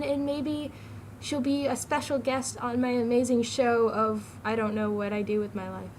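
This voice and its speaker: A woman's voice: fairly high pitch, steady tone, normal speed, a little hiss or hum, poor audio. A teenage girl vlogging, chatty and giggly, jumping from topic to topic. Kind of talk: casual rambling vlog.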